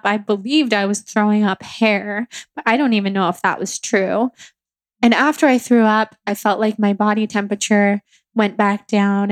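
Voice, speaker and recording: A woman's voice: medium pitch, no echo. A young woman hosting her own podcast, candidly retelling a personal experience in a rambling, filler-heavy way. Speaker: podcast host. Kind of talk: personal storytelling monologue.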